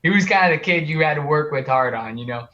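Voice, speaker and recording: A young man, a guest on an interview show, telling a story in an earnest, animated way with many fillers and restarts. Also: on the high side, fast talker. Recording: muffled lo-fi audio.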